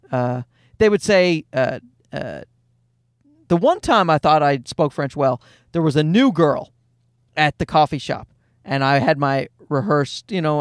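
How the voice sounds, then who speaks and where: Man, 30s, high voice, dry close sound, sarcastic swearing storyteller, casual comic rant. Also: dry recording. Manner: profane, sarcastic ranting.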